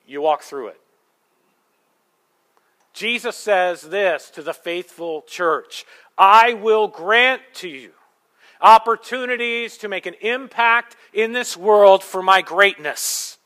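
A man preaching a sermon, telling a story with sarcastic asides and moving between loud, forceful lines and quiet ones. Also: sits high. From Michigan. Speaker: pastor.

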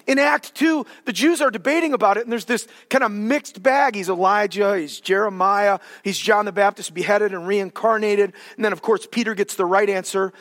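A male pastor preaching a sermon in an animated, joking way, with sudden dramatic swings in volume. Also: sits high, moderate pace, hardly any pauses, long reverb tail.

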